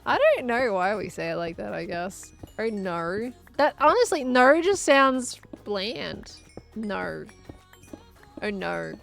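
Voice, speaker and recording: A woman's voice: medium pitch, sing-song, slow, vocal fry, fairly bright tone. An Australian woman chatting casually while streaming a game and answering chat, with faint music behind her.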